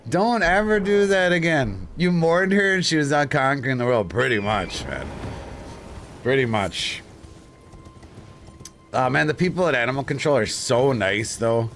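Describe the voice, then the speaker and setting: A man's voice: mid-range voice, moderate pace, creaky, long pauses, slight background noise. A man streaming live, chatting casually and telling stories with lots of swearing and frequent laughter. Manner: animated, swearing storyteller who laughs often.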